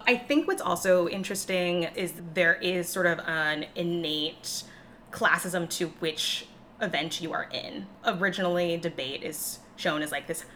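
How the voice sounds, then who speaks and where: A young woman with a Chicago accent, talking fast and casually as a podcast co-host discussing a book, laughing often. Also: fairly low pitch, a bit bright, a little hiss or hum.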